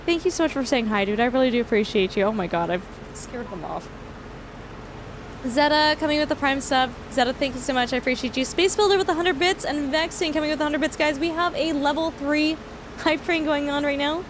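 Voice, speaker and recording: A young woman from Canada chats casually with her stream audience while she plays a farming game. Her voice sits high, and she is self-deprecating and keeps thanking viewers. A clear hiss of noise runs under the mic. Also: fairly quick. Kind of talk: casual livestream chat while gaming.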